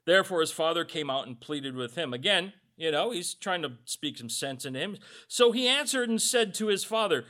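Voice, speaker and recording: A man's voice: a little high, animated, normal speed, few pauses, pushed and bright. A male pastor giving a conversational sermon, reading scripture aloud and adding joking asides.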